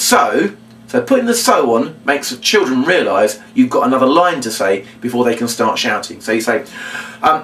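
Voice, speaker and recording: A middle-aged man teaching a children's magic routine, animated and acting out his patter lines. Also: normal speed. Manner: animated, jumps into a high shouty kids'-show voice for demo lines. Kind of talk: instructional talk with acted-out patter. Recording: echoey room, mic at a distance.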